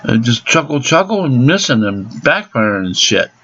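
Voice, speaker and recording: A man's voice: mid-range voice, sing-song, moderate pace, a bit bright, slightly rough. Furious man, swearing vlog rant, dull home-recorded sound. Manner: angry, profane ranting. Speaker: angry car owner. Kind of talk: ranting vlog.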